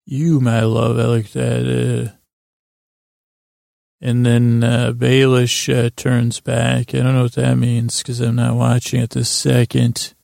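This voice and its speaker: A man with a deeply gravelly voice rambles through an episode recap. He speaks in a flat, even tone and often stops to restart his sentences. The recording is dry and close. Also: no echo. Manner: halting, with many fillers and restarts. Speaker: podcast host.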